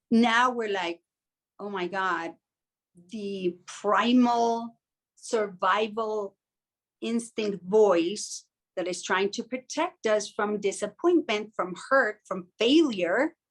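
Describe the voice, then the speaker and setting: A woman co-hosting a podcast in casual chat, reflective and acting out inner voices in little quoted asides. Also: medium pitch. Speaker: podcast co-host.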